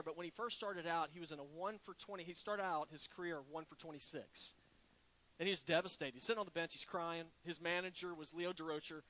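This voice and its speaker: A man preaching a sermon in a folksy, conversational way, swinging from animated emphasis down to a near hush and chatting asides to the congregation. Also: sits high, low-quality recording. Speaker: pastor.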